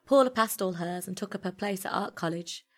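A woman reading a first-person story aloud in a measured, intimate storytelling manner. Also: medium pitch. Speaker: narrator.

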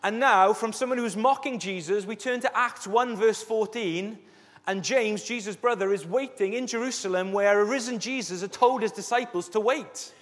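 High-voiced preacher in echoey hall. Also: male voice, moderate pace. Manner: lively storytelling, acting out scripture scenes. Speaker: pastor. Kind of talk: sermon.

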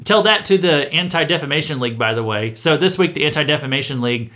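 A man's voice: on the high side, lively intonation, quick pace, sharp tone. A man hosting a satirical news show, delivering a mock-earnest, sarcastic monologue with hesitant restarts.

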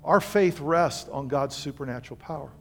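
An older man preaching in a church sanctuary, his fairly high voice rising and falling as he talks to the congregation and asks them to answer back. Soft instrumental music plays faintly underneath. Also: normal speed, creaky. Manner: animated, conversational preaching with call-and-response. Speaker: pastor. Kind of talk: sermon.

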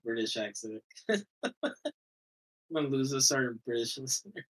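A man's voice: medium pitch, lively intonation, rough recording. Giggly teasing male podcast co-host. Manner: giggly, teasing, halting restarts. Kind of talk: casual podcast chat.

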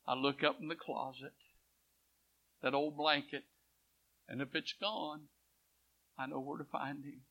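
Gravelly bright-voiced preacher. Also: male voice, a little high, fairly even intonation, measured pace, long pauses. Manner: storytelling with dramatic swells and hushed quotes. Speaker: pastor. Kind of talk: sermon. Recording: dull lo-fi church recording.

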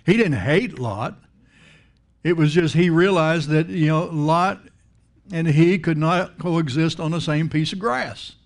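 Speaking a little slowly, this fairly high-voiced male preacher delivers his sermon in a conversational style, repeating himself often and asking many rhetorical questions.

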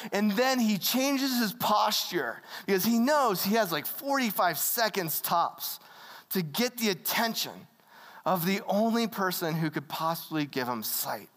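Casual, animated preacher telling a story, with long hall reverb. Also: medium pitch. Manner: acts out quoted voices. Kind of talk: sermon.

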